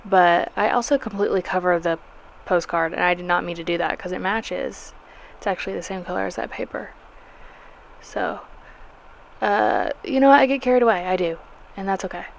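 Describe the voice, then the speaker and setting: A woman's voice: fairly low pitch, moderate pace, gravelly, slight background noise. A young woman with a Southern US accent, chatting through her weekly vlog in a rambling, self-deprecating way, often restarting her sentences. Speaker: vlogger. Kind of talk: casual chatty vlog narration.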